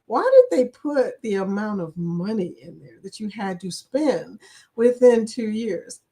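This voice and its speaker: A woman's voice: mid-range voice, animated, unhurried, warm tone. An older woman hosting a casual livestream chat, greeting viewers by name and laughing often.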